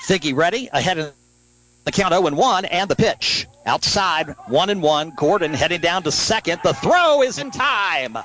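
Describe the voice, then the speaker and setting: A man calling a youth softball game live as a radio play-by-play announcer, brisk and lifting on big plays. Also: on the high side, rough recording. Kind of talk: live sports play-by-play commentary.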